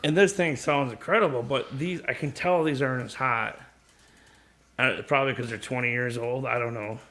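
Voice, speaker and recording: A man's voice: medium pitch, normal speed, pushed and bright. A man casually rambling about his guitars and pickups on a live stream, with easygoing talk and the odd swear word.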